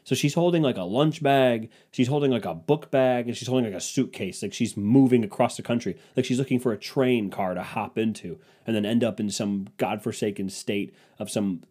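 A man's voice: mid-range voice, a little fast, few pauses, dark tone, breathy edge. A young man hosting a solo podcast, telling comedic stories in a rambling, crude, self-mocking way. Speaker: podcast host.

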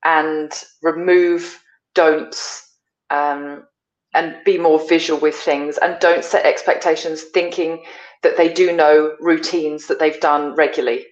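A woman's voice: low voice, steady tone, slow, dull audio. Chatty woman host, echoey room. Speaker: podcast host. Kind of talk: casual podcast interview.

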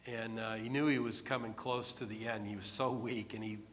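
Male preacher, bright forceful tone, chatty storytelling sermon, long reverb from a big hall. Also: fairly low pitch, steady tone, a little fast. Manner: conversational, repeats phrases, frequent fillers.

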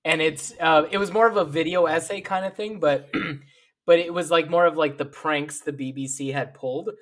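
A man co-hosting a casual podcast, reacting with jokes and quick asides. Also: fairly high pitch. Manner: animated, joking reactions. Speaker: podcast co-host. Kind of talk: casual chat.

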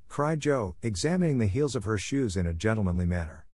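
Low-voiced male audiobook narrator. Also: lively intonation, a little fast, hardly any pauses, darkish tone, dry recording. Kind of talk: scripted narration.

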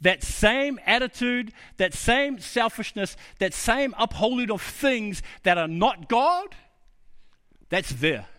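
A middle-aged man delivers a sermon in a high voice. He speaks earnestly and personally, sharing his own failings, and often sinks into a hushed, low delivery to press a point home. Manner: earnest, personal storytelling with sudden drops to a low, quiet voice. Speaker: preacher.

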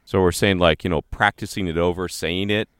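Male co-host, very deep voice, rambling casual delivery, dry sound. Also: fairly even intonation, brisk, fairly bright tone, clean tone, no echo. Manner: rambling, heavy on fillers like "you know" and "like". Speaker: podcast co-host. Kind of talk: casual chat.

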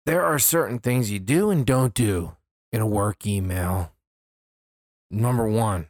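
A man on a chat show, ranting with heavy swearing and breaking into shouts as he mimics annoying emails. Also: on the low side, measured pace. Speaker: podcast co-host.

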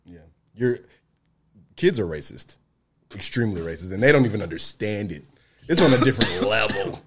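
A man's voice: on the low side, lively intonation, moderate pace, slightly rough. A man chatting casually with friends, telling stories in a laid-back way and laughing often. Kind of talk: casual chat.

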